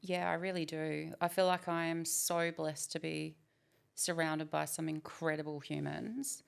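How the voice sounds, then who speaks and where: A woman's voice: sits low, flat delivery, a little slow, gravelly, clear, resonant tone. A woman in her forties, a guest speaking candidly and reflectively in a conversational interview. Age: 40s. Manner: reflective, candid, with frequent fillers.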